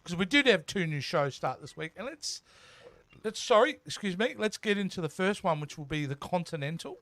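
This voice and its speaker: A man's voice: sits high, expressive, brisk, fairly bright tone, no room sound. A man co-hosting a TV review podcast, chatting casually and with enthusiasm, often restarting his sentences. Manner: enthusiastic, frequent restarts and fillers. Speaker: podcast co-host.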